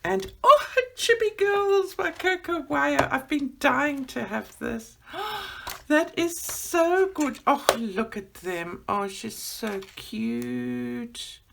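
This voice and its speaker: Gushing woman with a gravelly voice. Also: high-pitched, slow pace, few pauses, bright, forceful tone, a little hiss or hum. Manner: gushing, gasping, exclamatory. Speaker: vlogger unboxing gifts. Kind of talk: excited unboxing chat.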